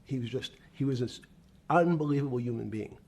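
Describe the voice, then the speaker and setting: An older man in a played interview clip, telling measured anecdotes about his past in business. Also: medium pitch, creaky, darkish tone, husky. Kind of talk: reminiscing storytelling.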